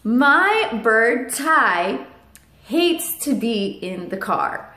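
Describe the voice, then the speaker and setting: A woman's voice: on the high side, sing-song, very slow, bright, forceful tone, roomy sound. A woman vlogger telling a casual story to camera at home, chatty, with fillers and asides to her parrot.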